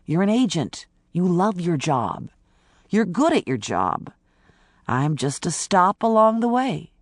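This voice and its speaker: A woman's voice: lowish voice, sing-song, slow, dry recording, clean studio sound, exaggerated voice. Narrator doing a blunt, weary woman cop. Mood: stubborn. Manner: blunt, wry, defensive. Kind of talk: audiobook character voice.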